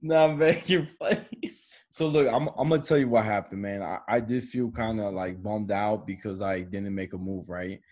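A man's voice: lowish voice, moderate pace. A young man co-hosting a podcast, telling a story in casual chat and laughing often as he goes. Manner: animated, laughs often while telling stories. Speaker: podcast co-host.

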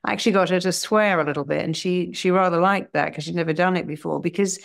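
Middle-aged woman, fairly low voice, hypnotherapist, animated storyteller, chatty. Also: fast, creaky. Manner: animated anecdotes, lively acted-out quotes. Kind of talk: conversational storytelling.

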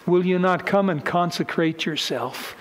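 A man preaching a sermon as pastor, fervent and swelling in volume at the high points. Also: unhurried, rough recording.

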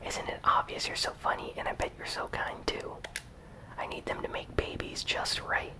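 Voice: normal speed, lightly acted, rough recording. A whisperer reading aloud a clingy, moody young alien woman from a game, in whispered role-play. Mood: cooing. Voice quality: soft unvoiced whisper.

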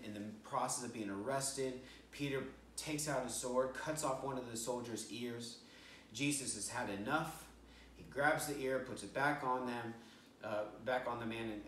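An American man preaching in a roomy church hall, heard from some distance off the mic. He tells the story in a halting way, repeats words, and briefly acts out the voices of the people in it. His pitch sits in a middle range for a man. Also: a little hiss or hum. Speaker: pastor. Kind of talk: storytelling sermon. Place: church sanctuary.

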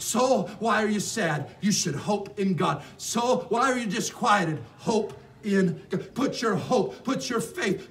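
High-pitched guy preaching hard, repeats himself and builds to shouting, mic kinda far off w/ faint hiss. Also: expressive, a little slow, few pauses. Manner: fervent, repetitive, rising to shouts. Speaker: pastor. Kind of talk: sermon. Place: church sanctuary. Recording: distant mic with faint background noise.

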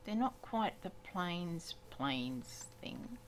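With a low-leaning, very animated voice and drawn-out words, an older female gaming YouTuber gives chatty, exclamatory let's-play commentary and talks to the animals she comes across. A little background noise is audible.

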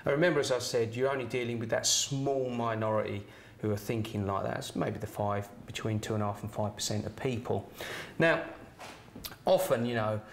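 A man's voice: on the low side, brisk, creaky, slight background noise. A middle-aged man from Kent, chatting as a former doorman who tells anecdotes and adds "right?" tags and chuckles. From Kent, England. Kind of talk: casual anecdote telling.

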